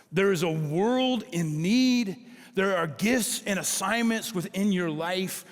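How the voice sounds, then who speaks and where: A middle-aged man preaching a sermon as a pastor, telling stories in an animated way and acting out the dialogue. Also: high-pitched, slow pace, in a large hall.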